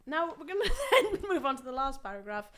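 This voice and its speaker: A woman's voice: high-pitched, big pitch swings, a little fast, crowd noise. A woman guest on a podcast, chatting casually and reading a letter aloud in a giggly, playful way.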